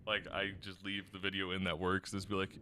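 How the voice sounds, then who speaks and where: A man's voice: low voice, monotone, a little fast, bright, forceful tone, a little hiss or hum. A man in his twenties co-hosting a podcast, chatting casually and telling stories with a laugh. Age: 20s. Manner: laid-back, laughing storyteller. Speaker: podcast co-host. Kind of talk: casual chat.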